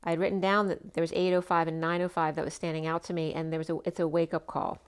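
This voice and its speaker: A woman giving a casual spoken tarot reading, chatty and meandering, her voice slightly hoarse. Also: sits low, flat delivery, fast. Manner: chatty, meandering, full of asides. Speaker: tarot reader.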